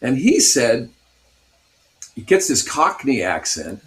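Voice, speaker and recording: A man's voice: medium pitch, huge pitch swings, takes it slowly, a little hiss or hum. A man in his sixties from Pasadena, California, a guest guitarist animatedly telling stories in a radio interview and laughing often.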